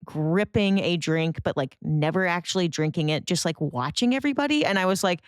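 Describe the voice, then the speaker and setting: Chatty woman with a lowish voice. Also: lively intonation, fairly quick, few pauses, dry recording, studio quality. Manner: chatty, heavy use of filler words. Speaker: podcast co-host. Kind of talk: casual chat.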